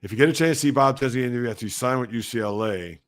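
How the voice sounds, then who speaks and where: A man hosting a sports talk livestream at home, speaking loudly and emphatically, rambling conversationally and answering viewer comments. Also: medium pitch, rapid-fire. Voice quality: loud, emphatic delivery. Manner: rambling, conversational, talks back to chat.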